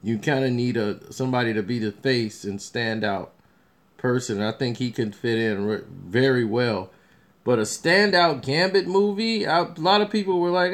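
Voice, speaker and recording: A man's voice: mid-range voice, steady tone, moderate pace. A man talking casually about upcoming films as a review vlogger, rambling with many restarts and fillers. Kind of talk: casual movie commentary.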